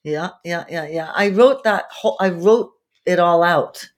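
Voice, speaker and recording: A woman with a raspy, soulful voice, chatting casually as a guest singer and telling stories in an animated way with quick restarts. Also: lowish voice. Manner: animated storyteller, frequent restarts and laughs. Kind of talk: casual interview chat.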